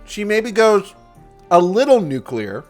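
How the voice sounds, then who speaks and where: A man with a somewhat high voice rambles loosely through a movie plot, swearing freely and adding fillers as he goes. Faint music plays behind him while he streams. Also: big pitch swings, takes it slowly, a little mellow. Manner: casual, profane, rambling. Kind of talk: casual movie recap while gaming.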